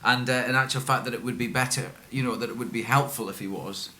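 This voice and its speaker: A man's voice: medium pitch, fairly even intonation, fast, sharp tone. A Scottish man answering at a press conference, chatty and laughing often as he restarts his sentences. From Scotland.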